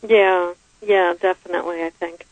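A woman's voice: fairly low pitch, little pitch movement, normal speed, no room sound. A woman who analyzes handwriting, a guest on a radio show who explains reflectively with everyday examples. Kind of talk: radio interview by phone. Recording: tinny phone line.

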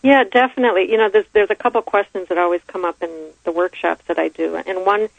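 A woman with a gravelly edge explains handwriting to a radio host with plain everyday examples. She comes through a thin, phone-like line. The sound is dry, with no room around it. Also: medium pitch, steady tone, fast talker, dry recording. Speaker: handwriting analyst guest.

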